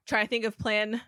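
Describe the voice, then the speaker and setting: A woman's voice: mid-range voice, fairly bright tone, no echo, clean studio sound. A woman co-hosting a podcast, chatting casually about a movie and laughing along. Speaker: podcast co-host. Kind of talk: casual movie recap chat.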